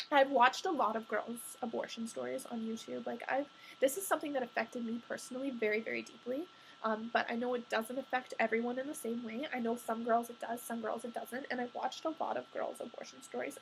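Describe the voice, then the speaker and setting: A woman's voice: on the high side, creaky, a little hiss or hum, low-quality recording. A young adult woman telling a personal story in a candid, confessional way, chatty and full of "like" fillers.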